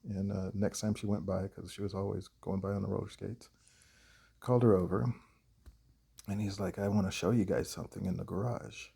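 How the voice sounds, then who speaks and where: A man, a horror writer, telling a personal story in a halting, hesitant way with many pauses. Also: low voice, flat delivery, gravelly, mellow, breathy edge.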